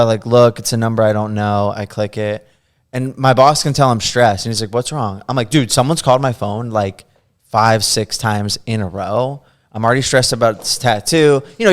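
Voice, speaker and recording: Young man telling a wild story, laughing. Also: mid-range voice. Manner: animated, laughs often, acts out quotes. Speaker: podcast host telling a story. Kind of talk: casual storytelling chat.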